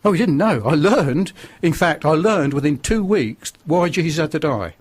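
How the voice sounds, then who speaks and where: Older man with a Northern English accent, slightly high voice, blunt and preachy, telling his story as a radio guest. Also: animated, moderate pace, breathy edge. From northern England. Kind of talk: radio interview testimony.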